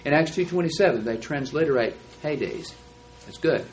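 A man's voice: a little high, animated, normal speed, low-quality recording. A man teaching a Bible class, explaining texts in an emphatic, lecturing way. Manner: emphatic, explanatory, stresses key words.

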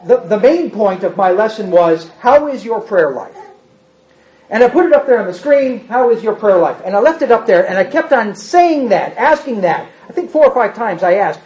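Emphatic preacher, muffled recording. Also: male voice, high voice. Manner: emphatic, repetitive, rises to forceful outbursts; asks the congregation questions. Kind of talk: sermon. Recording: dull, muffled sound.

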